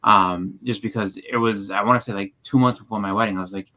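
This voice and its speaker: A man's voice: lowish voice, fairly even intonation, fast, bright, forceful tone, low-quality recording. A man co-hosting a casual chat, rambling with many restarts and fillers. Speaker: co-host.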